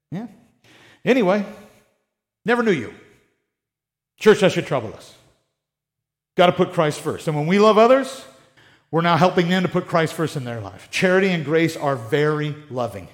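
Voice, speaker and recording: A man's voice: on the high side, very animated, normal speed, long pauses. An American man preaching a sermon in a conversational way, with sarcastic asides. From United States. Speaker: pastor.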